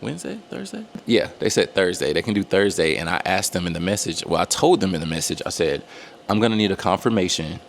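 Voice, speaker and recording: A man's voice: low voice, fast talker, a little hiss or hum. A man chatting casually and profanely to his viewers in a vlog, recorded on a handheld camera at home. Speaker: vlogger. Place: home, room with long reverb. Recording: echoey empty room.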